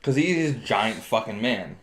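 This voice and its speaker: A man's voice: on the low side, lively intonation, measured pace, echoey room. A man co-hosting a podcast, telling blunt, profane stories in casual banter. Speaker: podcast co-host.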